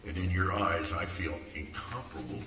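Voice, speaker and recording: At a community event, a man earnestly reads his own poems aloud, tender and heartfelt. His low voice is animated with vocal fry at a moderate pace. The recording is distant and echoey, with heavy background noise.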